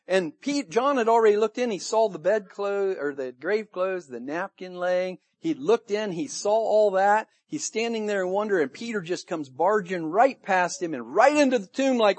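A man preaching a sermon to his church, retelling the story in a lively way and acting out the people he quotes. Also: high voice, normal speed, few pauses, no echo. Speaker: pastor. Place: church service room.

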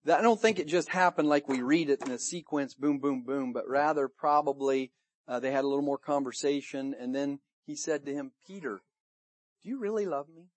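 A man preaching a sermon to his church, retelling the story in a lively way and acting out the people he quotes. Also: mid-range voice, fairly quick, dry recording. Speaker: pastor. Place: church service room.

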